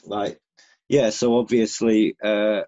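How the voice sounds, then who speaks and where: A UK battle rapper chats casually as an interview guest, laid-back and telling stories with plenty of swearing. His voice is on the low side, warm, and slow with a flat delivery, in dull audio with no echo.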